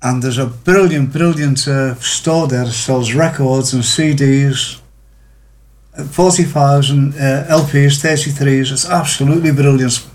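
A man's voice: mid-range voice, steady tone, a little mellow. A man co-hosting a local radio show, joking and hesitating as he lists his records. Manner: jokey, hesitant, drawn-out. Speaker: radio co-host playing music. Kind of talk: casual banter on local radio.

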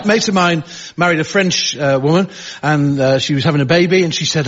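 A man's voice: a little high, a little fast, a bit bright. A man with a Liverpool accent telling rambling jokes as a comedy panel contestant. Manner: rambling joke-teller, chuckling. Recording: muffled radio recording.

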